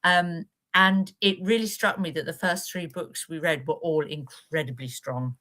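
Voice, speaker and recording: Low-voiced woman co-hosting a book chat. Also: fairly even intonation, measured pace, fairly bright tone. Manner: hesitant, many fillers and restarts. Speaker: book club co-host. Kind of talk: casual book discussion.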